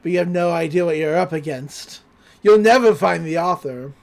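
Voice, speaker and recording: A woman's voice: fairly low pitch, moderate pace, vocal fry, a little mellow. A woman voicing a gloating male shapeshifting monster in a podcast recap, taunting and menacing.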